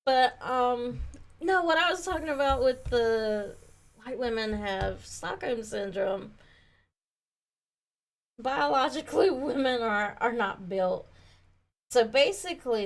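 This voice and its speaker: A woman co-hosting a livestream in casual chat, animated and exclaiming as she reads comments aloud. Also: a little high, slow, pauses often. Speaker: livestream co-host.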